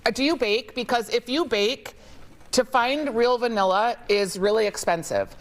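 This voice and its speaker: A woman's voice: on the high side, moderate pace. A woman guest walking a talk show through food products, explaining each one in a chatty way. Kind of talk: product demo chat. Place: TV studio.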